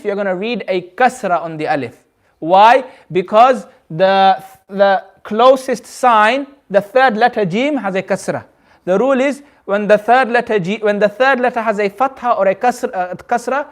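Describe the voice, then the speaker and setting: A man teaching Quran recitation to a class, explaining patiently, repeating his points and quizzing the students. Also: high-pitched. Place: community centre classroom.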